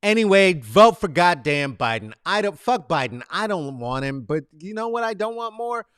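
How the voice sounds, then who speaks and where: A male show host giving casual solo commentary from a corner of his apartment set up as a studio, emphatic and profane, swinging between loud outbursts and low muttering. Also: very animated, moderate pace, smooth, no room sound.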